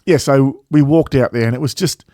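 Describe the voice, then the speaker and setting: A man's voice: medium pitch, brisk, dark tone, dry recording, studio quality. Rambling, swearing man in casual chat. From Australia. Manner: rambling, swears freely, many fillers and restarts. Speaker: travel vlog co-host.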